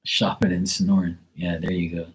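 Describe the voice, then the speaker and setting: Husky low-voiced man chatting on a livestream. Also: flat delivery, moderate pace, low-quality recording. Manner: profane, joking, reads chat aloud. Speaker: livestream tarot reader. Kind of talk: casual livestream chat. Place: Bermuda.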